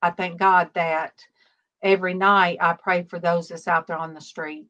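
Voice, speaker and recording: A middle-aged woman, hosting a casual online prayer-group chat and pausing often with "um". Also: fairly low pitch, level tone, a bit bright, muffled recording. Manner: halting, many pauses and "um"s. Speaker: online ministry panel host.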